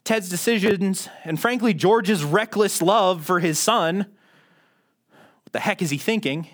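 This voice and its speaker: A man's voice: high voice, unhurried. A man preaching a sermon in a conversational, self-deprecating way, often restarting his sentences. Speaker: pastor.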